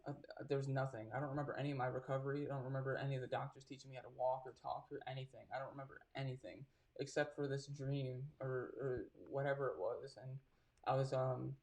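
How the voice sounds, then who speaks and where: A man, a tattoo artist, talking in a casual interview and telling stories in a halting, reflective way. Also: medium pitch, little pitch movement, darkish tone.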